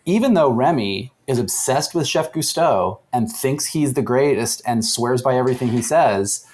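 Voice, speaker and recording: A man's voice: mid-range voice, expressive, a little mellow. Enthusiastic man in casual podcast chat. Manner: enthusiastic, quick bursts, laughs while talking. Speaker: podcast co-host. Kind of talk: casual film discussion.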